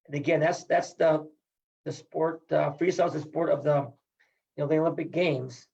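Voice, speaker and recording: A man's voice: a little high, steady tone, normal speed, gravelly, a little mellow, muffled recording. A middle-aged man from Iowa, a wrestling coach, talking in a casual podcast interview in an emphatic, upbeat, folksy way.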